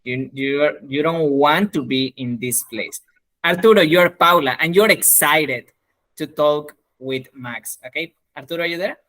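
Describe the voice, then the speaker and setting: Encouraging male English teacher on a video call, bright and forceful tone, slightly high voice. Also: a little slow. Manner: encouraging, animated, laughs often. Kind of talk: online speaking class.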